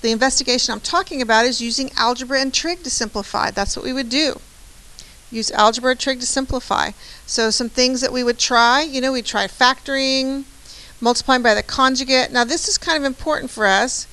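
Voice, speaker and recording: A woman's voice: high voice, brisk, bright, forceful tone, poor audio. A woman math teacher giving a chatty, encouraging lecture, often checking in with "right?". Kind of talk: classroom lecture.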